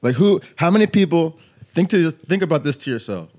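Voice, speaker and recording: A man's voice: on the high side, lively intonation, fairly quick, darkish tone. A man in his late twenties hosting a podcast, telling stories loosely with lots of "like" and "you know what I'm saying". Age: 20s. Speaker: podcast host. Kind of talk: casual chat.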